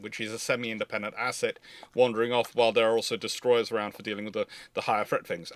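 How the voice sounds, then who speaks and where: Bright-voiced male naval history host. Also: medium pitch, dry recording. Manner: quick, thinking aloud with restarts. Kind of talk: casual live Q&A chat.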